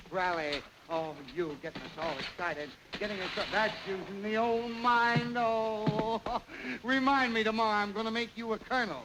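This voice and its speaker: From a hissy 1929 film soundtrack comes a revue host, the master of ceremonies, meandering through a comic bit with playful mock pomposity. His voice sits high and moves at a normal speed.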